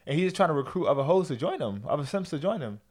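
A young man co-hosting a casual podcast, throwing in quick, slangy hype-man banter. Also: fairly high pitch, big pitch swings, a little mellow. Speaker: podcast co-host.

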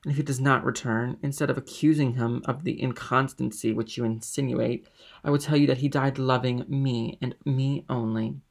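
A man's voice: mid-range voice, fairly even intonation, normal speed, gravelly, lightly acted. A man reading aloud and voicing a passionate, loyal young woman who speaks with raised emphasis. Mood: impassioned.

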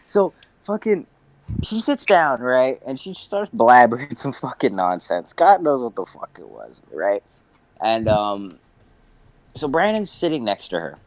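A young podcast co-host with a medium-pitched voice tells a meandering, profane story, laughing a lot and acting out voices. His pitch swoops wildly and he talks a little slowly. The casual chat is captured in a dry, dull lo-fi recording.

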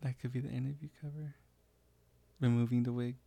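A man's voice: medium pitch, fairly even intonation, a little fast, vocal fry, dark tone. A young man co-hosting a podcast, rambling and joking in casual chat, swearing freely. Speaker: podcast co-host.

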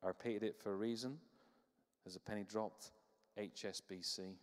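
A man preaching a sermon, telling stories with humor and lively energy. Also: on the low side, normal speed, in a large hall. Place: church.

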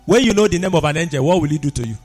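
A man's voice: fairly high pitch, animated, rapid-fire, darkish tone, soft background music. A man preaching a sermon, impassioned and rousing his congregation.

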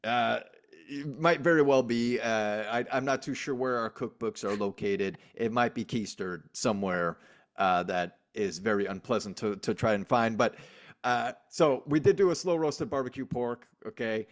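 A man's voice: mid-range voice, normal speed. A man co-hosting a casual sports podcast, joking and emphatic. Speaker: podcast co-host.

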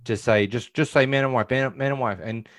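A man's voice: medium pitch, brisk. A man podcast host chiming in and joking during a casual movie recap. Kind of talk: casual film recap chat.

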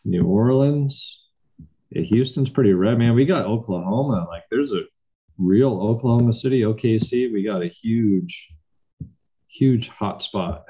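A man's voice: fairly low pitch, measured pace, warm tone. A man, co-hosting a casual podcast in an easygoing way, often laughing along. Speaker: podcast co-host.

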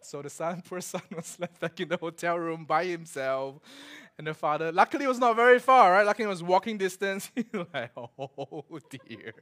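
A man's voice: sits high, fairly quick, fairly bright tone. A male pastor, preaching a sermon full of stories, laughing as he acts out quotes. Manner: storytelling with laughs and acted-out quotes.

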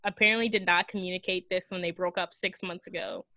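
A woman casually recapping a film plot in a chatty, rambling way, full of fillers and quick giggles. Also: lowish voice, fairly even intonation, bright, forceful tone, no room sound. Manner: rambling, giggly retelling with many fillers and acted quotes. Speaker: podcast co-host recapping a film. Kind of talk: casual chat.

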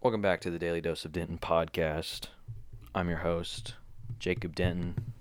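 A man's voice: low-pitched, flat delivery, normal speed, clear, resonant tone. A young man, hosting a casual rambling solo podcast from a small home room full of pillows, sounding groggy and just woken up. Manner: loose, unscripted, drifting between topics with many fillers. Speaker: podcast host.

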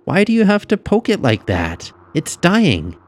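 A man's voice: on the high side, very animated, a little slow, darkish tone, a little hiss or hum, voice pushed up. A man putting on a whiny little girl. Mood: scolding. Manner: pleading, scolding. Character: whiny young girl, bossy twin sister.

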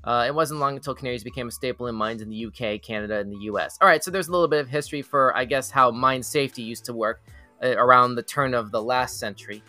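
A man's voice: mid-range voice, fast talker, bright, forceful tone, dry recording, soft background music. A man hosting a live weird-news show, reading articles aloud and rambling through his thoughts with many fillers and restarts. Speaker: show host. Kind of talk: casual live news chat.

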